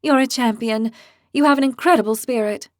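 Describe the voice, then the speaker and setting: A woman's voice: a little high, brisk, no echo, studio quality, pitched above the performer's own voice, lightly acted. A woman voicing a hot-tempered young horned woman who speaks bluntly and sarcastically. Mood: brisk.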